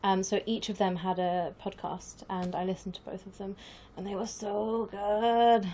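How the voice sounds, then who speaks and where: A woman's voice: mid-range voice, level tone, unhurried, mellow, slight background noise. A woman talking as a guest on an improv podcast, giggly and hesitant, with many fillers. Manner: giggly, laughs often. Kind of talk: casual interview chat.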